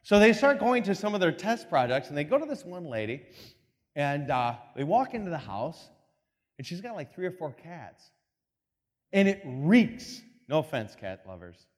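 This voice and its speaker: A man's voice: on the high side, big pitch swings, normal speed. A man giving a motivational talk with slides, telling a story animatedly and acting out voices. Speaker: speaker. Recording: long reverb in a hall.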